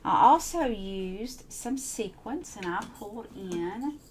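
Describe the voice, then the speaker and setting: A woman's voice: mid-range voice, expressive, slow pace, a little hiss or hum. A woman chatting casually as she shows off her handmade crafts, gushing and repeating herself. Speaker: crafting channel host. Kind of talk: casual show-and-tell crafting chat.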